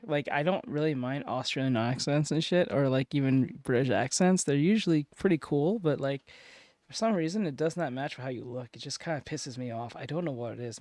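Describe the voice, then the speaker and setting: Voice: medium pitch, no room sound. Blunt, swearing reaction streamer. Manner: blunt, swearing, frequent loud laughs. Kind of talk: casual reaction commentary.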